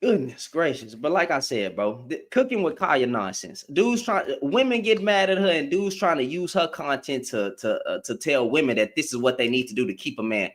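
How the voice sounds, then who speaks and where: A man's voice: mid-range voice, expressive, normal speed, hardly any pauses. A man hosting a live stream, ranting back at commenters in slangy, confrontational talk and repeating lines for emphasis. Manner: addresses commenters directly, slangy.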